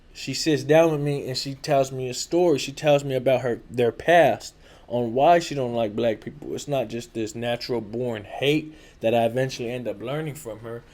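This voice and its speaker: A man's voice: mid-range voice, a little mellow. A man with a Californian accent telling a casual personal story in slangy, profane speech full of filler tags. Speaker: show host telling a story.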